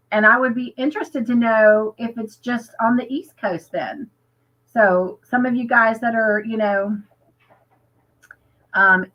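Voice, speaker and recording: Upbeat american lady chatting on a live stream, reads out comments, kinda muffled audio. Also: mid-range voice. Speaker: livestream host. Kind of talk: casual livestream chat.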